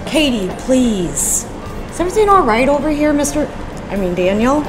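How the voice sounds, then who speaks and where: Woman as a busy diner waitress, high lively voice, echoey room with music. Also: normal speed. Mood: brisk.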